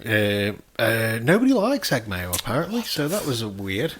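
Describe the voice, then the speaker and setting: A man's voice: medium pitch, wildly swooping pitch, normal speed, a bit bright, a little hiss or hum. A man, telling rambling, sweary anecdotes on a casual podcast. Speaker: podcast co-host. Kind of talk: casual chat.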